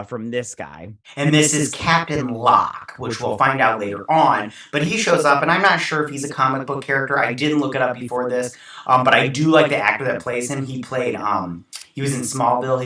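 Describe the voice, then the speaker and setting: A man's voice: mid-range voice, sharp tone, very echoey, distant mic, poor audio. A man hosting a casual episode recap, rambling with many fillers and acting out the characters' lines. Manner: rambling, filler-heavy, acts out quoted lines. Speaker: show host recapping an episode.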